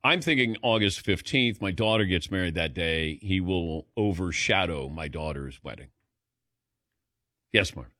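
A middle-aged man hosting a sports talk show, chatty and quick to laugh as he calls on his co-hosts. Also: low voice, lively intonation, bright, forceful tone, no echo, clean studio sound. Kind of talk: casual studio banter.

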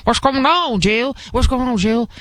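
A bewildered elderly man just roused from a nap, stammering and asking the same question again and again, as a woman puts him on. The voice is pushed higher than usual and sounds dry and close. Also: a little slow, fairly bright tone, no echo. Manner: stammering, confused, repeating questions. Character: flustered elderly male politician just woken from a nap.

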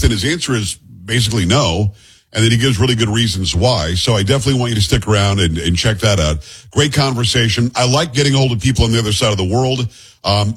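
Middle-aged male radio host, quick husky delivery, jokey banter. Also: lowish voice. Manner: fast, chatty, joking. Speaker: radio talk show host.

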